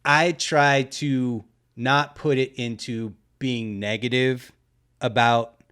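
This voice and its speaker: A man hosting a casual podcast conversation, relaxed and laughing often, swearing casually. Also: mid-range voice, slow pace, clear, resonant tone. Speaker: podcast host.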